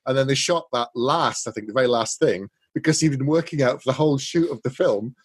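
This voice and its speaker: A man's voice: mid-range voice, a little fast, breathy edge. Guy cohosting, casual chat, acts out movie lines while retelling scenes. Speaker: podcast co-host.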